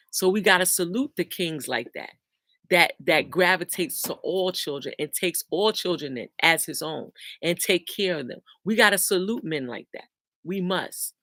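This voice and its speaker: Slow, emphatic host preaching to viewers. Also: medium pitch, a bit bright, no echo. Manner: emphatic, repeats key lines, preachy. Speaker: host reading viewer comments. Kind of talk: casual motivational talk with scripture.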